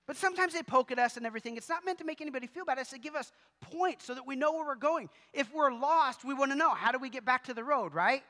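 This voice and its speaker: A man's voice: very high-pitched, quick pace, few pauses, pushed and bright, big-room sound. A male pastor preaching a sermon in a church, talking conversationally with humorous asides. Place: church sanctuary.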